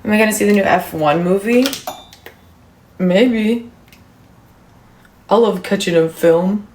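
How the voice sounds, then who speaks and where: A woman's voice: mid-range voice, takes it slowly, darkish tone, roomy sound, a little hiss or hum. A woman in her thirties hosting a casual livestream, chatting with viewers and answering their comments with lots of fillers. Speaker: livestream host.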